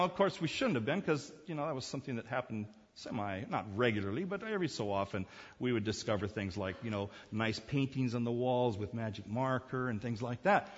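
A man preaching a sermon in a husky voice, moving between an easy storytelling tone and emphatic, repeated phrases. His voice carries a long hall echo. The recording is dull and lo-fi. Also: mid-range voice, lively intonation, fast talker. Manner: conversational, repeats words when building emphasis. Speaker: pastor. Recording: echoey hall, dull lo-fi sound.

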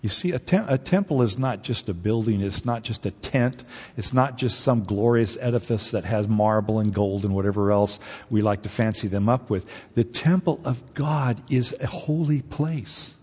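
A man's voice: on the low side, moderate pace, darkish tone, husky. A man preaching a sermon as pastor, speaking emphatically and conversationally, with many rhetorical questions to the congregation. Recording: dull audio with long hall reverb.

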